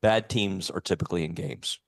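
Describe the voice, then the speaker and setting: A man's voice: low-pitched, fairly quick, gravelly, no echo, clean studio sound. A man co-hosting a sports radio show, talking football casually and reading live sponsor spots. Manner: animated, reads live sponsor reads. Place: radio studio.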